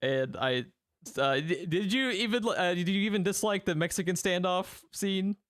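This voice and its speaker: A man's voice: sits high, moderate pace, fairly bright tone, dry recording, clean studio sound. A man co-hosting a film review podcast, rambling in casual chat, laughing often and swearing freely. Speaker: podcast co-host.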